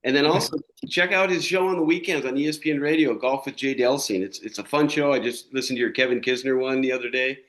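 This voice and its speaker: A man with a mid-range voice hosts a relaxed interview podcast. He chats easily and offers plenty of encouragement to his guest. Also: mid-range voice, fast, few pauses, rough recording. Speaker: podcast host. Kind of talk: casual interview chat.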